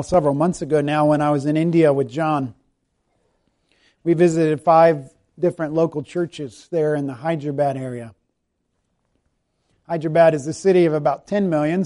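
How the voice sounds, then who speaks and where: Male pastor, slightly higher voice with a relaxed, warm tone. Chatty sermon delivery, self-effacing, soft prayerful ending. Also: moderate pace. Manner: conversational, self-deprecating preaching that softens to a quiet prayerful close. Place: church sanctuary.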